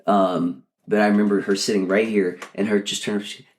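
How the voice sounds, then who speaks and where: Man, very low voice, rambling, lots of fillers, podcast co-host. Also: level tone, brisk. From Texas. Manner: rambling with many fillers and laughs. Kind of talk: casual storytelling chat.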